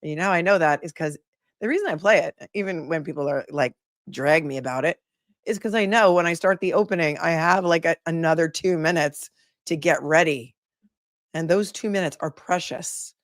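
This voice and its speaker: Woman livestream host, middle-aged, chatty comment-reader, lowish voice, dry room. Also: fairly quick, no room sound. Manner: chatty, reads comments aloud and answers them. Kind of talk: casual livestream chat reading viewer comments.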